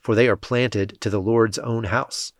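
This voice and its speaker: A man reading scripture aloud as scripted narration, in a steady, measured way. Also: fairly low pitch, dry recording, clean studio sound. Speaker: scripture reader.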